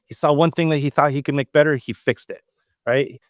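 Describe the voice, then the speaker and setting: A man's voice: on the high side, fairly quick, no echo. Man telling a story, dry close sound. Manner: animated, acts out quoted dialogue. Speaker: podcast host. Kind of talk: casual storytelling.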